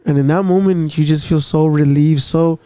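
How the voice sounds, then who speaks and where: A man's voice: a little high, steady tone, moderate pace, mellow, dry recording. A man co-hosting a podcast, talking casually and emotionally about faith, calling his co-host "bro" and "dude". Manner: emotional, repeats "bro" and "dude", acts out God's words.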